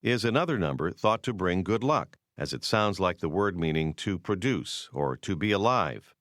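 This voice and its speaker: Deep-voiced man narrating a language course. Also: sing-song, a bit bright, no echo, clean studio sound. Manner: measured, explanatory delivery.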